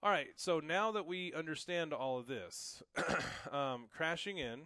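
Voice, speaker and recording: Relaxed male drum teacher. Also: a little high, unhurried, heavy background noise. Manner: relaxed, reassuring, counts and calls out strokes aloud. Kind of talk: casual instructional talk. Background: drum kit playing.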